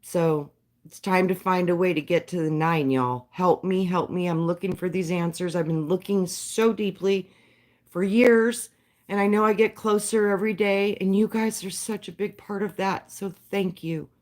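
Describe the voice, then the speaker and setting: A woman's voice: on the low side, moderate pace, a little mellow. A woman hosting a livestream, talking to her viewers in a heartfelt, spiritual way. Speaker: livestream host. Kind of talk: casual livestream chat with viewers.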